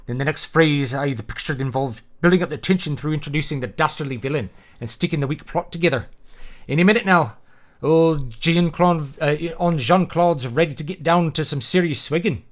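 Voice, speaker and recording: A man reading a novel aloud, voicing a rough young Scottish man in a put-on Scottish accent that he stumbles over. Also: a little high, brisk, pitched above the performer's own voice, natural voice. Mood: gritty. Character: rough young Scottish man narrating his grim story.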